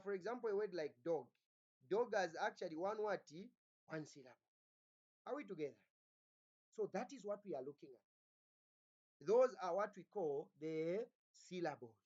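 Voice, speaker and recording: Teacher talking through a lesson, keeps quizzing the class, lots of restarts, mid pitch, kinda muffled lo-fi audio. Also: darkish tone. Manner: keeps asking the class "what?" and "Are we together?"; repeats words, restarts often. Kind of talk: recorded phonology lecture. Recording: dull lo-fi recording.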